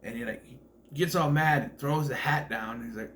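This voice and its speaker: A man offers casual film commentary that rambles, stuffed with fillers and false starts as he corrects himself. He talks briskly in a mid-range, slightly bright voice with lively intonation, and there's slight background noise.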